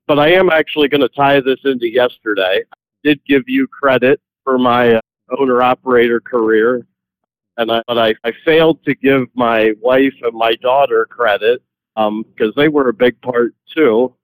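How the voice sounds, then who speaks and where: A man's voice: mid-range voice, moderate pace, no echo, rough recording. A man calling in to a radio show, chatting casually and correcting himself as he rambles. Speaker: caller. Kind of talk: casual phone-in chat.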